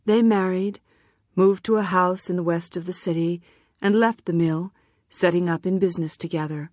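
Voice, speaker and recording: A woman narrating an audiobook in a calm, measured reading. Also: fairly low pitch, no room sound, clean studio sound.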